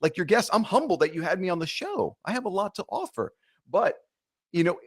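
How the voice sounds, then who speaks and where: A man's voice: high voice, very animated, fairly quick, husky, dry recording, clean studio sound. A man speaking earnestly and upbeat as a guest in a casual podcast chat.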